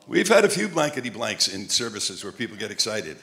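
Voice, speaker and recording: A man preaching a sermon, telling lively stories and repeating phrases like a chant. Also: fairly low pitch, brisk, gravelly. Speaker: traveling preacher. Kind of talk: sermon with storytelling.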